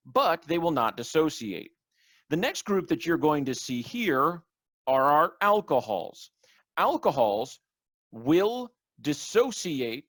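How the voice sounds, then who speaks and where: A man's voice: a little high, fairly bright tone, no room sound. A man giving a recorded online chemistry lecture, explaining step by step through exam examples.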